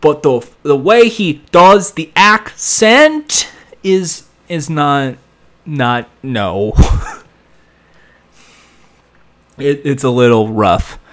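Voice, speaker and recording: A man's voice: a little high, very slow, long pauses. A man rambling through a casual recap of a TV episode, acting out lines as he goes. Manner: rambling, animated, acts out lines. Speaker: TV episode reviewer.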